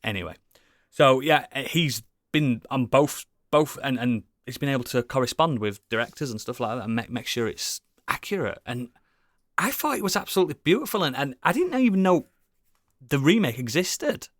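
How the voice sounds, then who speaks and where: A man chatting casually as a podcast co-host, rambling and enthusiastic, swearing often and filling pauses with ums and likes. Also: mid-range voice, very animated, no room sound, clean studio sound. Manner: rambling, enthusiastic, swears a lot, many fillers. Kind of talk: casual chat.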